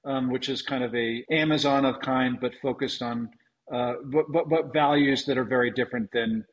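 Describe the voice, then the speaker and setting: A man in a relaxed interview, speaking at a medium pitch. He pauses often with ums and restarts his sentences as he thinks aloud. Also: lo-fi sound. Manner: halting, many ums and restarts. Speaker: venture investor guest. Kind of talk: conversational interview answers.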